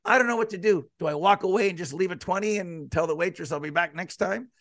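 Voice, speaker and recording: A man with a fairly high voice hosts a casual hockey chat and strings his questions together in long, wandering runs. The sound is dry and close, with no room around him. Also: fast, a bit bright, dry recording. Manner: rambling, leading questions. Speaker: podcast and radio host.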